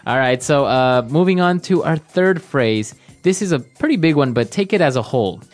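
A man's voice: a little high, expressive, moderate pace, soft background music. A man hosting an English lesson podcast, upbeat, steering the segments with short confirmations. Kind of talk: leading a casual lesson chat.

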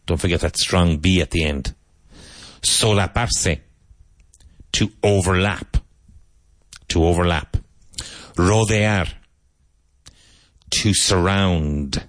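A man leads an English vocabulary review, giving a word and then repeating it with care. His voice sits very low and moves at an easy, deliberate pace. The sound is dry, with no room around it. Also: no echo. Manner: repeats words slowly and spells them out. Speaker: English teacher. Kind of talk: slow vocabulary drill lesson.

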